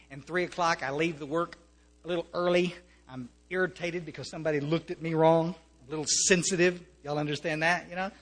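A man's voice: fairly high pitch, a bit bright. American man, earnest, echoing in a hall. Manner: earnest and conversational, restarts often, wry humor. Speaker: speaker sharing at a recovery meeting. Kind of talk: personal testimony to an audience. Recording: long reverb of a large hall.

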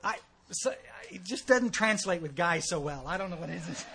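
A man's voice: high-pitched, lively intonation, moderate pace, gravelly, pushed and bright, slight background noise. A man with a thick Texas accent giving a blunt, folksy, joking talk at a recovery meeting.

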